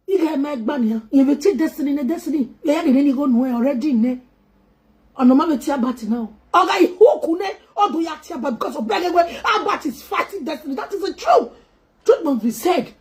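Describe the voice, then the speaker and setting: A woman with a high voice delivers an emotional, pleading appeal. She switches freely between English, Pidgin and a local language as she begs for peace. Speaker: entertainer appealing to two public figures. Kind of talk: impassioned spoken plea.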